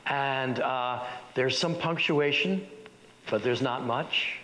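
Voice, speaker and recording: A man's voice: medium pitch, takes it slowly. Man leading an acting workshop in an echoey hall. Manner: energetic, many restarts and stammers. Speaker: workshop leader. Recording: echoey hall with faint noise.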